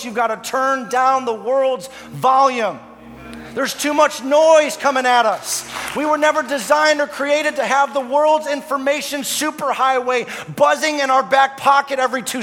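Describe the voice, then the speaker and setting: A man preaching a sermon in a church, impassioned, swinging from hushed tones to loud emphasis. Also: very high voice. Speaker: pastor. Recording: reverberant hall with soft music.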